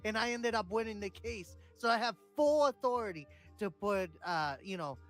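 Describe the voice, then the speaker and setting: A man co-hosts a casual live stream in a fairly high voice, rambling and swearing freely. Faint music plays behind him. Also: normal speed, fairly bright tone. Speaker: co-host.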